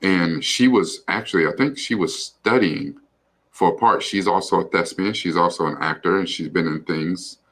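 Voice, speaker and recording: A man's voice: sits low, moderate pace, fairly bright tone. A man co-hosting a livestream, chatting casually in a rambling, loose way with lots of fillers and the odd swear word. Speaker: livestream co-host. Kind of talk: casual chat.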